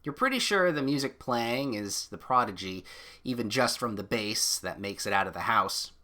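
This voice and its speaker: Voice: mid-range voice, animated, normal speed, sharp tone. A streamer reading an interactive novel aloud in a casual, self-mocking way, with offhand swearing and chatty asides.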